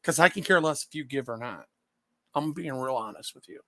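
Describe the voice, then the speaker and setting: A man's voice: medium pitch, animated, fairly quick, a bit bright, no echo. A man livestreaming and talking straight back to his chat, blunt and confrontational, swearing freely.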